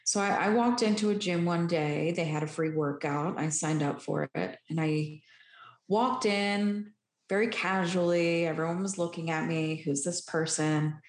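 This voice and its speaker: Woman guest, low unhurried voice, candid and earnest storyteller; roomy echo. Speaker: guest sharing recovery story. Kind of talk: personal storytelling.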